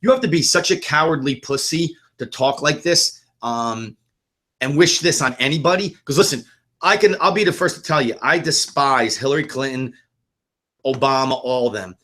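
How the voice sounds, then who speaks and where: A man's voice: mid-range voice, moderate pace, a bit bright. Guy cohosting a podcast, blunt, swears a lot, goes off on rants. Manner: blunt, profane, ranting. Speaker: podcast co-host. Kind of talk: casual political talk.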